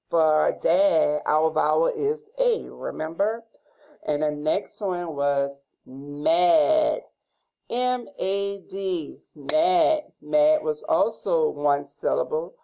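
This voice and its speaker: A woman's voice: low voice, creaky, a little mellow, poor audio. A woman teacher, leading a phonics lesson for young children and spelling out each word one letter at a time.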